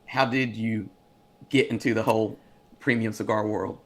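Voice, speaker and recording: Low, flat-voiced podcast host man. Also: moderate pace. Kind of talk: casual interview.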